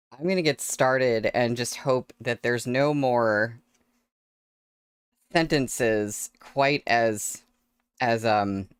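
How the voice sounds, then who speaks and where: A woman's voice: a bass voice, smooth, no echo, studio quality. A woman chatting casually on her livestream into a desk microphone, laughing often between words. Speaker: streamer reading novels aloud.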